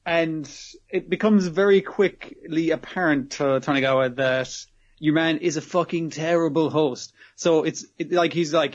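A man's voice: fairly high pitch, measured pace, highs cut off. Rambling man recapping an episode. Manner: rambling, swears freely, animated retelling. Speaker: podcast co-host.

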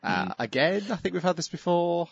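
A man's voice: sits high, very animated, moderate pace, gravelly. Man announcing the next segment. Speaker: podcast host. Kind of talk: segment introduction. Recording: dry, slightly dull recording.

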